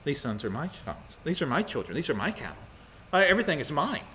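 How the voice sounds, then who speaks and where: A man's voice: a little high, big pitch swings, quick pace, bright, forceful tone, a little hiss or hum. A man voicing a possessive older biblical patriarch who claims everything as his own.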